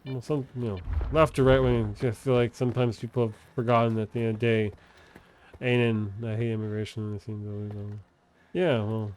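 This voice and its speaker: A man's voice: lowish voice, level tone, fairly quick, a little mellow. A man live streaming while gaming, chatting casually in a rambling, profane way and often cutting himself off to restart.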